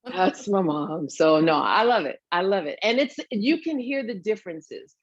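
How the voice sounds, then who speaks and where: A woman from Brooklyn, New York, a guest actress chatting in an interview, telling lively stories and acting out the voices she quotes. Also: mid-range voice, moderate pace, dull audio. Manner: animated storyteller, acts out quoted voices. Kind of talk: casual interview chat.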